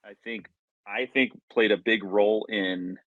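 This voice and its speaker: A man recalling old games in a loose, stop-and-start way, often circling back mid-sentence. His voice is on the low side, and it is captured close and dry. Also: fairly even intonation, dry recording, phone-quality sound. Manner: halting, many restarts, reminiscing. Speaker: podcast co-host. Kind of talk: casual sports chat.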